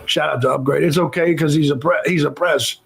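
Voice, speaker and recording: Male streamer host, high and gravelly, blunt and profane, casual chat commentary. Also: fairly even intonation, brisk, faint music behind, poor audio. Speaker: livestream host.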